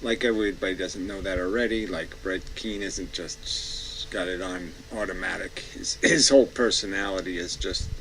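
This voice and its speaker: A man's voice: deep voice, steady tone, normal speed, few pauses, a bit bright, slight background noise, rough recording. A man co-hosting a video reaction chat, sarcastic, rambling and crude in his casual talk.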